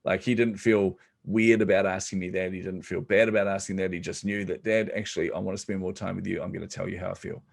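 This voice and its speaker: Kiwi guy, middle-aged, low gravelly voice, laid back and jokey, lots of ums. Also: quick pace, hardly any pauses. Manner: relaxed, joking, many ums. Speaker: podcast guest, entrepreneur. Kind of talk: casual storytelling interview.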